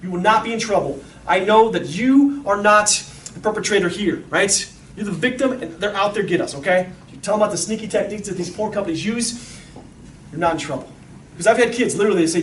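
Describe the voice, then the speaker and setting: A man with a high voice gives an animated talk to an audience of parents and acts out the people in his stories. He is picked up from a distance in a large, echoey room, with faint room noise behind him. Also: a little fast, long pauses. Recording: echoey room, mic far off.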